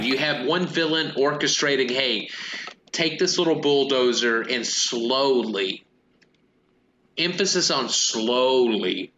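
Bright-voiced man riffing in an echoey room. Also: medium pitch, a little hiss or hum. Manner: rambling, acts out silly villain voices. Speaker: podcast co-host. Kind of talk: casual comedic movie discussion.

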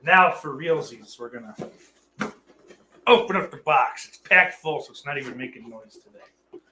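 A man's voice: on the high side, animated, moderate pace, sharp tone, a little hiss or hum. Dude in his 30s rambling on a stream, cursing, dry and sardonic, reading chat. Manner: profane, offhand, sardonic. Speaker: livestream host reading chat.

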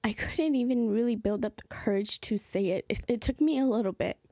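A young woman speaks in an earnest, halting way, her mellow, darker voice carrying plenty of gravelly vocal fry. She often slips into soft, breathy whispers as she tells a personal story. The sound is close and dry, with no room echo. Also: fairly high pitch. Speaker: podcast host.

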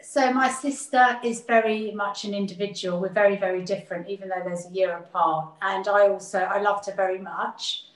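A woman's voice: medium pitch, steady tone, moderate pace, few pauses. A woman speaking earnestly as an interview guest, reflecting on her family and often repeating words as she gathers her thoughts. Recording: roomy echo.

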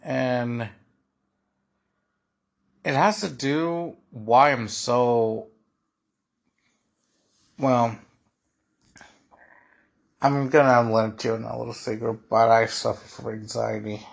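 A young man talks alone on his podcast in a loose, rambling way. His voice sits at a middle pitch with a husky, slightly rough edge, and he keeps circling back with "dude" and "like.". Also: slow, long pauses. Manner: rambling, repeats "dude" and "like" often. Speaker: podcast host. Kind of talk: casual monologue.

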